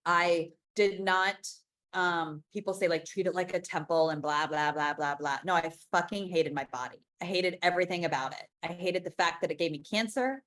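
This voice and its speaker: A woman in her forties with a lowish, fairly bright voice is a business founder appearing as an interview guest. She speaks frankly and emphatically in a candid conversation, often restarting her sentences.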